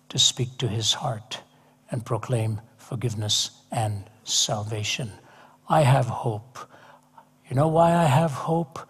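A man's voice: mid-range voice, breathy edge. Emphatic preacher man in a reverberant hall. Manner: emphatic, repeats words for effect. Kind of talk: sermon. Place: large hall.

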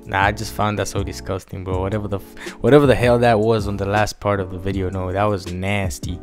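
Young male reaction vlogger, lowish voice, energetic and repetitive, soft music underneath. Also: brisk. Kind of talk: casual hyped-up vlog chat. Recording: faint music behind.

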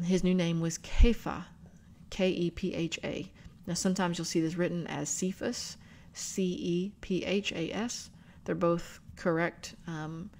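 A woman hosting a book club video, explaining scripture and spelling out words in an unhurried teaching manner. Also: deep voice, darkish tone, slight background noise. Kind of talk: bible study teaching.

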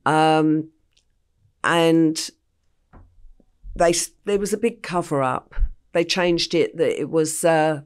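An older woman from England, a podcast guest recounting her life story in a plain, unhurried way with frequent ums. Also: low voice, fairly even intonation, smooth.

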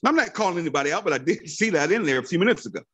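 A man's voice: a little high, lively intonation, very fast, a bit bright, breathy edge. A man in his fifties leads a motivational training call as a network marketing team leader. He talks in a fervent, preachy way and drives points home by repeating his phrases.

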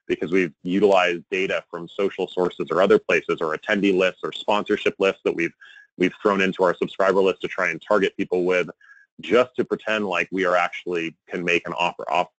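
A man giving a conference presentation, animated and exasperated, with a joking edge. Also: low-pitched, no echo, highs cut off. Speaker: conference speaker on email marketing.

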